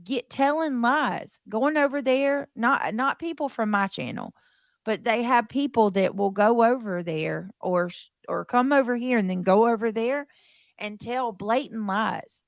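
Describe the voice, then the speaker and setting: A woman's voice: on the high side, vocal fry, dry recording, studio quality. A woman streamer ranting indignantly on a livestream, swearing and stumbling over her words. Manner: indignant, swearing, halting restarts. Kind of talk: casual livestream rant.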